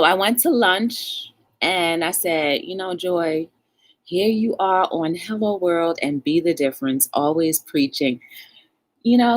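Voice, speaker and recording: A woman with a mid-range voice hosts a live talk show, telling a story and acting out both sides of the dialogue while calling her viewers y'all.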